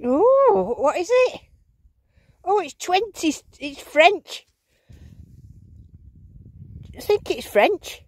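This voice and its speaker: A woman vlogging outdoors in a field, giving bubbly, excited running commentary as she digs and talking to her finds. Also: extremely high pitch, slow pace, no echo. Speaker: metal detecting vlogger.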